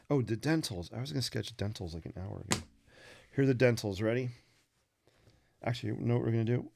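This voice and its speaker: A man's voice: mid-range voice, a little fast, creaky, pauses often, noisy background. A man hosting a live drawing stream, chatting casually and playfully with viewers and making puns as he sketches.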